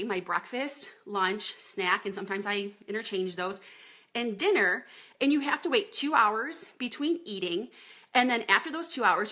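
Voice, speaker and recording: A woman's voice: fairly high pitch, pushed and bright, slightly rough. A woman in her thirties, a fitness coach chatting casually on a live video from her home office, greeting viewers by name as she talks.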